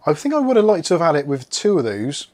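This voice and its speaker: A man's voice: on the high side, huge pitch swings, quick pace, darkish tone. A man from England hosting a casual unboxing video, rambling and joking while he chats with his household and his viewers. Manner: rambling, jokey, talks to pets and chat. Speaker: tech video host.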